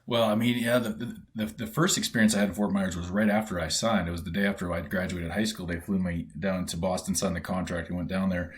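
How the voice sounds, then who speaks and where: A middle-aged man from Canada, a former pro ballplayer, telling stories in a casual, animated way with many fillers and acted-out quotes. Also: sits low, a little fast, few pauses. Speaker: guest, former pro baseball player. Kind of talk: casual storytelling.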